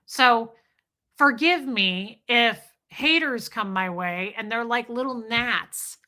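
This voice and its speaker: Woman livestream host, bright and sharp-toned, blunt and confessional. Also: fairly high pitch, takes it slowly. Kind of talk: casual livestream talk with chat shout-outs.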